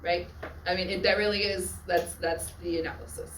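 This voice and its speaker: A woman teaching a Latin class on literary devices, often checking in with her students and adding quick asides. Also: lowish voice, steady tone, fairly bright tone, slight background noise. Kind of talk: classroom lecture. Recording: echoey classroom from far off.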